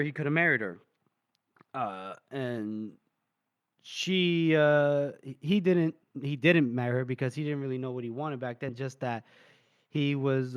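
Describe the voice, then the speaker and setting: A man's voice: medium pitch, no echo, clean studio sound. A man co-hosting a book podcast, retelling chapters in casual chat and laughing often. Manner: laughs often, many fillers and restarts. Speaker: podcast co-host.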